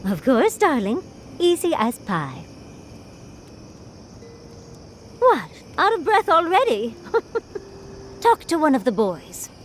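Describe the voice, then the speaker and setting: A woman's voice: mid-range voice, very animated, a little slow, a little hiss or hum. An actress voicing a furred female adventurer companion in a video game, with a wry, teasing manner that tosses out darling and dear. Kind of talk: video game character dialogue.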